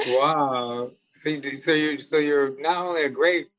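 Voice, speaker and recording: Easygoing male interviewer with a higher voice. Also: a little slow, fairly bright tone, low-quality recording. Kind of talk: casual interview.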